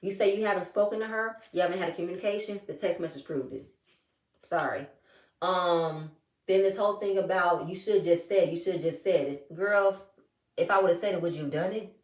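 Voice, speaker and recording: A woman giving a sassy, animated recap of a reality show and acting out what the cast said. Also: fairly low pitch, brisk, far from the mic. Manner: animated, sassy, acts out the cast's quotes. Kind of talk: casual recap chat. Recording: echoey room, a bit off-mic.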